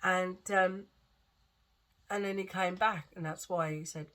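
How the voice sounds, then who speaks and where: A woman's voice: on the low side, fairly even intonation, unhurried, a bit bright. A woman with a lingering cough, rambling and repeating herself as she tells a story in a chatty vlog. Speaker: vlogger.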